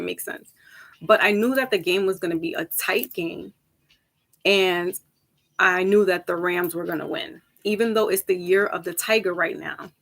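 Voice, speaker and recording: A woman's voice: vocal fry, a bit bright. Chatty, rambling woman tarot reader. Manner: chatty, rambling, jumps between topics; laughs easily, swings up high for emphasis. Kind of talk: casual chat with viewers before a reading.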